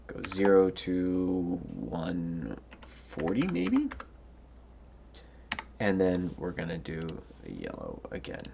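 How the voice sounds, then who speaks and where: Tired, unhurried man with a very low, fry-edged voice, hesitant and musing; faint keyboard clatter behind. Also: background noise. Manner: musing, hesitant, many fillers and restarts. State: tired, yawning. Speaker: coding tutorial host. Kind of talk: thinking-aloud coding walkthrough.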